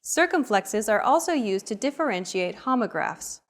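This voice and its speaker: A woman narrating a scripted grammar lesson, explaining the rules in a clear, measured way. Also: a little high, lively intonation, soft background music. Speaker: language teacher.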